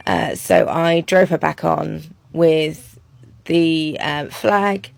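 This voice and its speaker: A woman talking over her own horse training footage in a relaxed, chatty way, with many ums. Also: deep voice, drawn-out words, vocal fry, no room sound.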